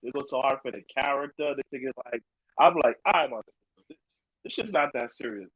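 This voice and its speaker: A man's voice: mid-range voice, brisk, a bit bright, slightly rough, no echo, rough recording. A man who referees wrestling, a guest telling stories in a laid-back, slangy way. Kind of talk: casual chat.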